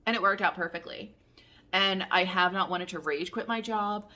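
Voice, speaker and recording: A woman's voice: medium pitch, moderate pace, bright, forceful tone. A woman in her thirties chatting casually to her camera in a rambling, candid way, with the odd curse. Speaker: vlogger.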